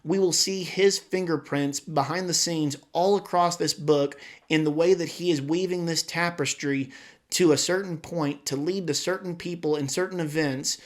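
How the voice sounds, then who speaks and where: A man teaches a Bible study lesson, walking through the passage verse by verse. His voice sits a little high for a man. He explains things plainly and leans into the scripture when he reads it aloud.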